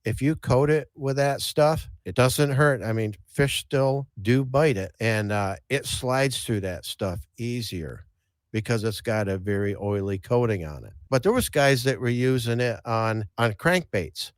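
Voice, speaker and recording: A man's voice: mid-range voice, measured pace, no echo, clean studio sound. A man hosting a podcast, telling casual fishing stories in a folksy way, often restarting and repeating words. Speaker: podcast host and angler. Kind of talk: casual storytelling chat.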